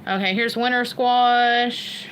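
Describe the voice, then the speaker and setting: A woman's voice: a little high, steady tone, slow, a bit bright, slight background noise. A woman from Kentucky with an Appalachian accent, chatting casually and rambling on a livestream, laughing at herself. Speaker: homestead livestream host.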